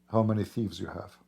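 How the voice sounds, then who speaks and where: A hoarse man who is losing his voice talks in a rambling, emphatic way during a casual livestream, clearing his throat often. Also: lowish voice, mellow. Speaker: livestream host.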